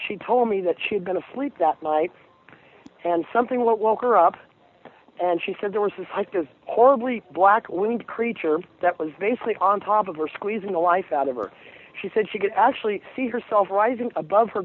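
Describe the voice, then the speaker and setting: A woman calling in to a radio show, telling her story earnestly with frequent fillers and pauses. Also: medium pitch. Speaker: caller. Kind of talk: call-in storytelling. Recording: phone line with faint hiss.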